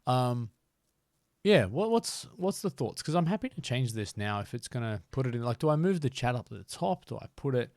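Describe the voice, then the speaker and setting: Male streamer, faint Aussie lilt, animated pitch, rambling self-mocking tutorial patter. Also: brisk, no room sound, studio quality. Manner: chatty, self-deprecating, thinks aloud. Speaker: game streamer and tutorial host. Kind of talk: live-streamed gameplay tutorial.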